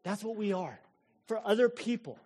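A middle-aged American pastor preaching a sermon, dropping to near whispers and rising to fervent, shouted praise. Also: male voice, high voice, lively intonation, moderate pace, husky. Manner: preaching with big swings from hushed to shouted.

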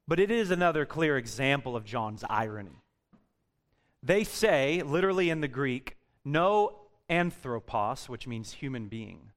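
Slow, dramatic male preacher. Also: medium pitch. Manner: expressive preaching, swinging from loud emphasis to quiet, drawn-out words. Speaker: pastor. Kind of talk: sermon.

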